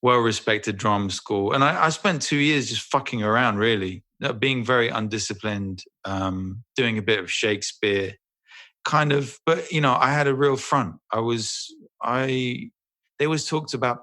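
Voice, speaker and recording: A middle-aged actor telling a story as a guest in a casual interview, animated and swearing freely. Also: male voice, mid-range voice, moderate pace.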